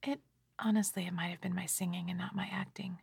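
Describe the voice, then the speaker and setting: A tired middle-aged woman in a soft, rambling, gently self-mocking whispered ASMR ramble, close to the microphone. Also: fairly low pitch, fairly even intonation, fast, creaky, breathy edge, no room sound. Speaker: ASMR creator.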